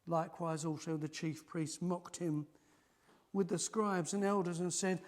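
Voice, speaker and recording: A man preaching a sermon in a church, animated and lively, acting out the mockers' voices. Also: on the high side, a little slow.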